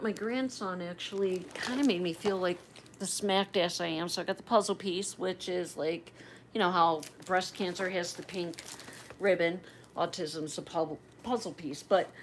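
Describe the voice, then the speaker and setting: Chatty 50s woman rambling on her livestream, lowish voice, gets emotional. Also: fairly bright tone, slight background noise. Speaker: livestream host. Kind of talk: casual livestream chat.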